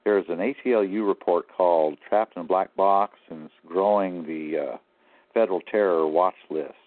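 A man's voice: low voice, moderate pace, dry recording. A man as an interview guest, telling his story in a rambling, aggrieved way. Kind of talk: phone-in interview. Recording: tinny phone line.

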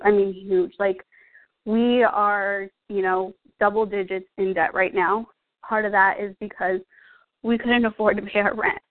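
A young woman talks through her own story as a coach, earnest and close to tears, with lots of "like" and "um". Her voice sits at a middle pitch. It comes through thin and tinny, like a phone line. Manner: earnest, emotional, fillers like "like" and "um". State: out of breath. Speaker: fitness coach. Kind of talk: personal testimonial.

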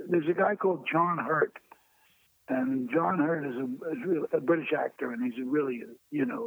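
An older man tells stories over a tinny, dry phone line. His voice sits a bit high, and he bounces between lively anecdotes and quick acted-out voices. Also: no room sound. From Brooklyn, New York. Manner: lively raconteur, acts out quoted voices, chuckles through stories. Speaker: guest. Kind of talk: anecdotal storytelling.

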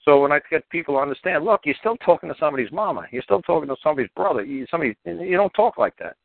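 A man's voice: a little high, lively intonation, very fast, vocal fry, no room sound. Blunt, profane male radio host. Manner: blunt, profane, rambling, emphatic. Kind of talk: call-in radio talk. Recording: tinny phone-like line, dry.

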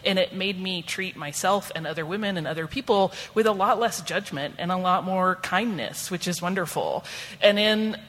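Woman in her 40s, bright tense tone, earnest panel talk, echoing convention hall. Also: on the low side, moderate pace. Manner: earnest, reflective storytelling. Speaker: podcast host, panelist. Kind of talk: panel discussion. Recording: long hall reverb, faint ambience.

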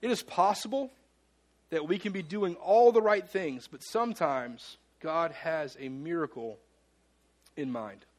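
A man preaching a sermon as the pastor of a church, earnest, with dramatic pauses and slowed words for emphasis. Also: a little high. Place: church sanctuary.

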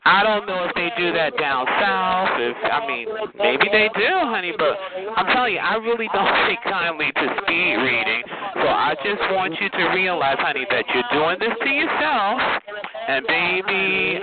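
A man on a phone chat line, talking in a sassy, condescending way and calling the other caller baby and honey. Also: high voice. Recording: tinny phone line with loud crowd.

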